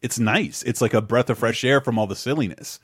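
Rambling, swearing podcast host. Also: male voice, medium pitch, brisk, breathy edge, no echo, clean studio sound. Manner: rambling, swearing, lots of restarts. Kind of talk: casual chat.

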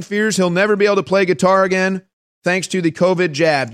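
A man's voice: fairly even intonation, fairly quick, clean tone. A man hosting a political commentary show, ranting sarcastically and mocking others in put-on voices. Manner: sarcastic, mocking, mimics voices in high pitch. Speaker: talk show host.

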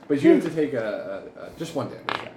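A man's voice: medium pitch, animated, fairly quick, reverberant, heavy background noise. A man narrating as game master of a tabletop role-playing game, often laughing as he talks.

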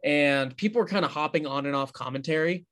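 A man co-hosting a podcast, talking in a loose, rambling way and often correcting himself as he goes. His voice sits a little higher than most men's. The talk is easygoing and conversational. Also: fast, fairly bright tone. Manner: rambling, self-correcting storyteller. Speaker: podcast co-host. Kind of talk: casual podcast chat.

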